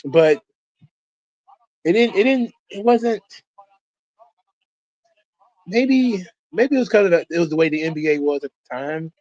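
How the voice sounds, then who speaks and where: A man with a fairly high voice rambles casually as he comments along with a wrestling event. He swears freely and circles back on his own thoughts. His voice comes through dull and lo-fi. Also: lively intonation, measured pace, pauses often, a little mellow, no room sound. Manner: loose, profane, rambling. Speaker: host of a wrestling watch-along.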